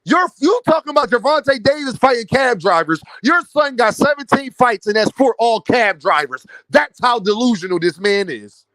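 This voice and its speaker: A man's voice: very high-pitched, lively intonation, normal speed, a bit bright, no echo. A man ranting about boxing to his viewers, mocking and incredulous. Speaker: boxing commentary vlogger. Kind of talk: animated boxing rant.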